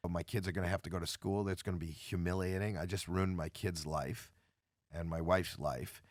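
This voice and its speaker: A man in his sixties, appearing as a podcast guest, candidly retells a painful experience with emotion and drama, acting out the voices of the people involved. His low voice is steady and moderately paced, in a dry, studio-quality recording.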